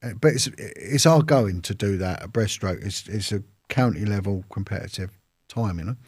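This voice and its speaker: A man's voice: lowish voice, normal speed, darkish tone, slightly rough, no echo, studio quality. A man with a London accent, an interview guest telling a long story in a casual, rambling way with acted-out quotes. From London, England.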